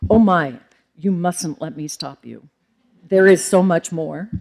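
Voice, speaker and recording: A kindly old gentleman scholar, put on by a woman, fussing and insisting with gentle enthusiasm. His voice is mellow and rounded, loud and pushed up high in pitch. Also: a little slow, gravelly. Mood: encouraging.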